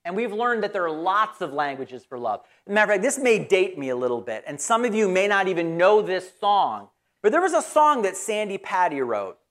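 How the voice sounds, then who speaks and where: Preacher, church sermon, conversational, folksy, animated pitch. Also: moderate pace. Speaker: pastor.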